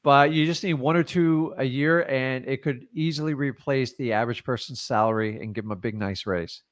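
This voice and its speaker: A man coaching on real estate in a casual, blunt and animated way, taking live questions and peppering his talk with "like" and "man". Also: mid-range voice, a little fast.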